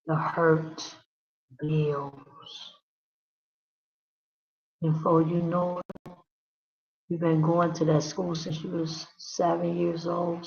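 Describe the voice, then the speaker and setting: A woman's voice: low voice, creaky. A woman hosting her own channel, speaking straight to the listener in a heartfelt monologue. She repeats her phrases for emphasis. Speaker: channel host. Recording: dull lo-fi recording.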